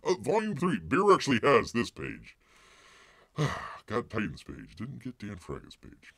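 A man's voice: medium pitch, wildly swooping pitch, a little slow, creaky, fairly bright tone, slightly rough, no echo, clean studio sound. A man hosting a casual live stream, rambling with lots of filler words and calling himself by name in the third person. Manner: folksy, heavy use of filler words.

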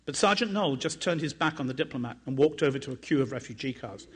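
A man, an author and journalist, reading excerpts from his own book aloud in a measured, dramatic way, raising his pitch for quoted speech. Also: lively intonation, slightly rough.

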